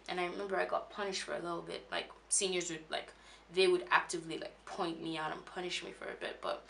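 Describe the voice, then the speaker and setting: Young woman vlogger, low and gravelly, halting and shaken confessional telling. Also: a bit bright, a little hiss or hum. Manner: halting, with many restarts and fillers. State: emotional, shaken when recalling. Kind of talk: personal confessional story.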